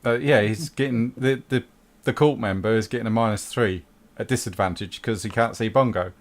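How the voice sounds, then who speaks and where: A man running a tabletop role-playing game, calmly making rulings and correcting himself. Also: lowish voice, brisk. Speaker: game master.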